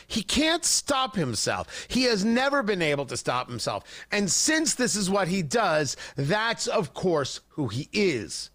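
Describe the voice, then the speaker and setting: A man's voice: sits high, big pitch swings, a little slow, a bit bright. A male host giving heated, sarcastic political commentary on a livestream, ranting and mocking.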